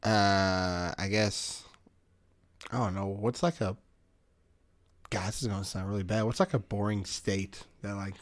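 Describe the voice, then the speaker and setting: A man's voice: lowish voice, fairly even intonation, a little slow, long pauses. A man playing a tabletop game, talking in a laid-back, slangy way. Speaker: player. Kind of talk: casual tabletop play.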